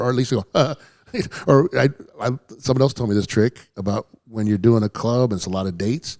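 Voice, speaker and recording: Brief: quick, rambling male comic guest, warm low-key tone, dry studio sound. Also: dry recording. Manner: rambling, self-interrupting, acts out quoted voices. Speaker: stand-up comedian guest. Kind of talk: casual storytelling chat. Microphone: studio headphones and mic.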